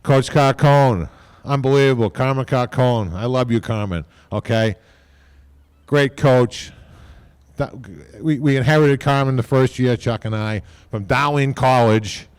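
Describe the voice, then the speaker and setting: A man's voice: medium pitch, a little slow, clean tone, no room sound. Rambling man giving a ceremony speech. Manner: rambling, tags lines with "okay?"; repeats words and restarts often. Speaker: team executive giving induction speech. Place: induction ceremony.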